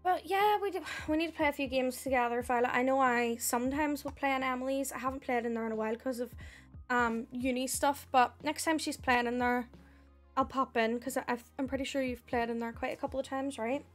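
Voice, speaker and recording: A woman's voice: high voice, steady tone, a little fast, faint music behind. Chatty Northern Irish woman streamer. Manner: chatty, thanks viewers by name, says "heck". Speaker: live streamer. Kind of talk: casual live-stream chat.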